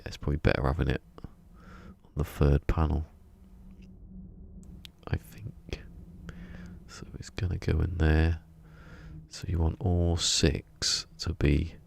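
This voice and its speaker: A man chats casually on a game live stream, rambling and muttering to himself as he tinkers. His very deep voice is whispered, creaky, slightly mellow and level, unhurried with long pauses.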